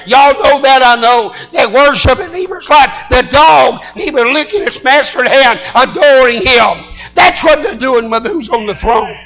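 A man preaching a sermon, shouting in call-and-response style. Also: very high voice, measured pace, low-quality recording.

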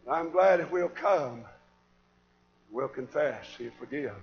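A man preaching a sermon, swinging from shouted fiery passages to quiet, earnest talk. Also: a little high, lively intonation, a little slow, highs cut off.

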